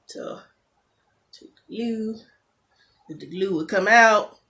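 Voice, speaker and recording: A woman of mid-range pitch and fairly bright tone casually narrates a nail tutorial for her beauty vlog, shot on a camera phone. She's talkative, throws in jokes, and gets exasperated easily.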